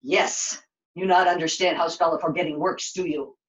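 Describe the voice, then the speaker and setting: A woman's voice: lowish voice, fairly even intonation, normal speed, roomy sound, lo-fi sound, lightly acted. A woman puppeteer voicing a solemn magical creature who speaks broken English and gives short, grave warnings in a puppet show. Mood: grave, knowing.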